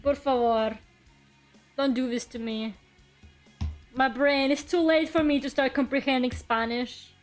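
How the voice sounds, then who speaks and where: A woman's voice: sits high, steady tone, unhurried, long pauses, faint music behind. A young adult woman streaming while she draws, chatting playfully with viewers, muttering to herself as she works and bursting into dramatic shrieks. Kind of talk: casual live-stream chat while drawing.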